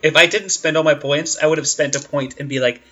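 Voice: medium pitch, fairly even intonation, fairly quick, pushed and bright, dull audio, soft background music. A player in a tabletop role-playing game, talking casually and laughing often.

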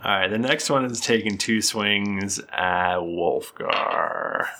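A man's voice: fairly low pitch, slow, sharp tone. A man running a tabletop game as game master, narrating the action in a playful, teasing way.

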